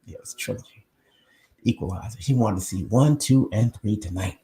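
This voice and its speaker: A man's voice: on the low side, fairly quick, mellow, roomy sound. A man hosting a live online show from his home on a new microphone, talking casually and rambling straight to his viewers. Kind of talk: casual live-stream chat.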